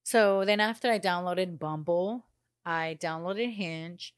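A woman's voice: lowish voice, slow pace, no room sound, studio quality. A woman telling a personal story in a casual, blunt monologue, often swearing and acting out quoted dialogue.

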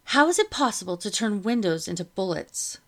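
A woman reading aloud, voicing an indignant, imperious lady of a colonial household, with a low gravelly voice. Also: sing-song, brisk. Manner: imperious, affronted.

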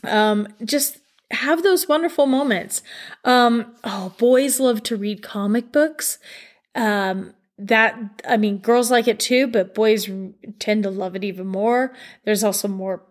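A woman's voice: mid-range voice, slow. A middle-aged woman hosting a podcast, giving parents upbeat, chatty advice with lots of emphasis. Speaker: podcast host. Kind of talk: casual advice talk.

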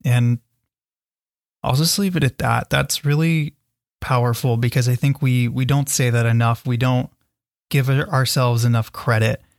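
A man's voice: medium pitch, steady tone, measured pace, dry recording, studio quality. Earnest, encouraging man hosting a podcast. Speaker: podcast host. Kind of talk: solo self-help podcast talk.

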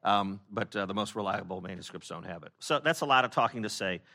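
A pastor preaching a conversational sermon, with many fillers and restarts, who acts out the people he quotes in lively voices. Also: fairly low pitch, fast talker, vocal fry.

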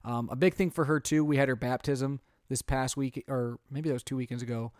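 Chatty dad telling family stories. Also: male voice, medium pitch, brisk, dry recording, clean studio sound. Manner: chatty, animated storytelling with quoted voices. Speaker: podcast co-host, father. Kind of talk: casual chat.

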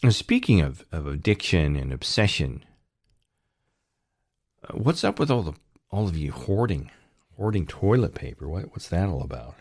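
A man's voice: sits low, very animated, moderate pace, long pauses, a little mellow, slightly rough, no echo, clean studio sound. A man hosting his own channel, talking in a rambling monologue with sarcastic jokes and frequent restarts. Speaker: channel host.

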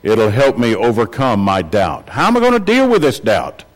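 A man's voice: mid-range voice, big pitch swings, normal speed, rough recording. Guy preaching in church, earnest, repeats stuff for emphasis, voice goes up when he pushes a point. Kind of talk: sermon.

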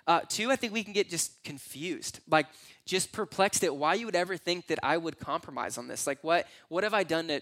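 A man preaching a sermon in a conversational, animated way, filling his talk with "like" and little acted-out quotes. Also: fairly high pitch. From United States. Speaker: pastor.

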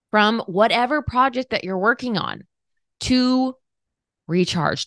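A woman's voice: medium pitch, fairly bright tone, no room sound, clean studio sound. A woman in her thirties talking candidly on her podcast, chatty and encouraging, acting out inner voices as she goes. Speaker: podcast host. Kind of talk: casual motivational monologue.

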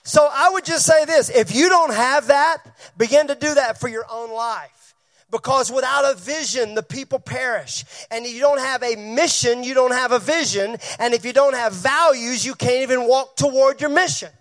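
A man's voice: very high voice, moderate pace, fairly bright tone. A man preaching a sermon as pastor to his church, calling on members by name and asking them questions.

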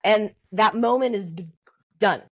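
A middle-aged woman talks through parenting advice in a podcast conversation. Her pitch sits in a middle range, and she animates her points by acting out little exchanges with babies. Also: measured pace. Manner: animated, acts out parent-baby talk. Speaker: guest, early development expert.

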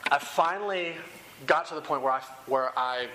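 Earnest young preacher, bright and forceful. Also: male voice, a little high, moderate pace, a little hiss or hum, rough recording. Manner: earnest, conversational preaching with repeated phrases. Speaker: campus ministry speaker. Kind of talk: sermon. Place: room with rows of chairs.

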